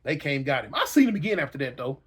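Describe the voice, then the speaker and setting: A man telling a personal story dramatically, acting out yells and reactions. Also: mid-range voice, sing-song, fast, husky. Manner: dramatic, acts out yells and voices, slangy.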